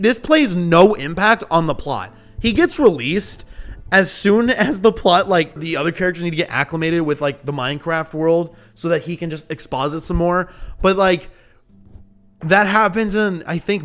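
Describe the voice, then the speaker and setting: High-voiced young man ranting. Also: animated, normal speed, fairly bright tone, faint music behind. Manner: exasperated, rambling with restarts. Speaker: movie reviewer. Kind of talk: ranting video review.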